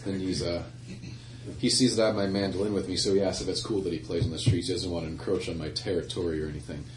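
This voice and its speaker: Speaking quickly in a low voice with fairly even intonation, this singer-songwriter tells a meandering story between songs, breaking into laughs and fixing his own words as the crowd listens. The live venue sounds echoey and distant, with a noisy background behind his banter.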